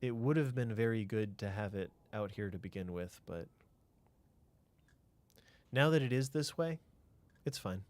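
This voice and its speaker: A man with a fairly low voice talks through a city-building game as he streams it. He thinks aloud, answers chat and now and then drops into a near-whispered mutter. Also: measured pace, pauses often, darkish tone, no room sound. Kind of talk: casual game commentary.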